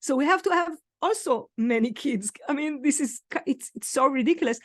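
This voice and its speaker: A woman from Israel with an Israeli accent, speaking as an interview guest, animated and often laughing as she acts out what people say to her. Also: high-pitched, fast talker, dry recording, studio quality. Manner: animated, laughing, acting out quoted remarks. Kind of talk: conversational interview.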